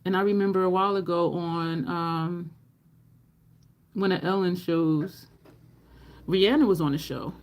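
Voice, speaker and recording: Doing her makeup on a livestream, this middle-aged woman talks in a slightly mellow voice that sits on the low side. She's chatty and laughs a lot, responds to messages in the live chat, and performs the characters from the stories she tells.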